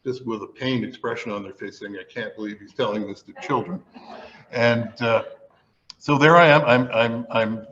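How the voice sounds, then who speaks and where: A man's voice: mid-range voice, fairly bright tone, dull audio. A man telling a self-mocking comic story to a live audience, acting it out as he goes.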